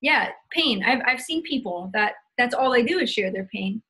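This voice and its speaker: A woman's voice: on the high side, lively intonation, moderate pace, sharp tone, breathy edge, poor audio. A woman co-hosting a live stream, upbeat, recapping points with an easy casual delivery. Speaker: co-host.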